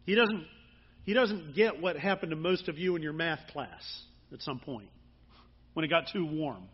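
A man's voice: a little high, expressive, moderate pace, breathy edge, highs cut off. A man preaching a sermon in an earnest, conversational way that builds to bursts of emphasis. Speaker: pastor.

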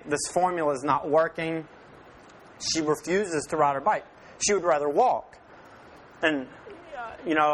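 A man's voice: a little high, a little hiss or hum. A man in his thirties, a father telling a humorous personal story to an audience, poking fun at himself and acting out the dialogue. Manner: self-mocking, acts out dialogue in lively voices.

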